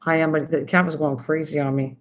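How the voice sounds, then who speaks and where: Older lady crafting live, lower voice, chatty and giggly, kinda muffled lo-fi audio. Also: flat delivery, a little fast. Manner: chatty, laughs often, teases her cat. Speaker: crafting livestream host. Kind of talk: casual livestream chat. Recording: dull lo-fi sound.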